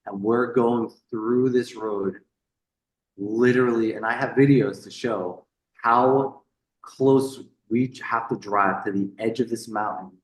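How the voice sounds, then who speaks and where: A man on a podcast, telling a story in a casual, animated way. He swears freely, repeats words and acts out the people he quotes. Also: mid-range voice, slow pace, reverberant, low-quality recording. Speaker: podcast guest.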